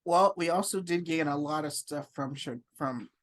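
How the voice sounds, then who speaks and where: A man co-hosting a podcast, chatting about an anime in a relaxed way and filling in background details. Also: a little high, normal speed. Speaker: podcast co-host. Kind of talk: casual anime discussion.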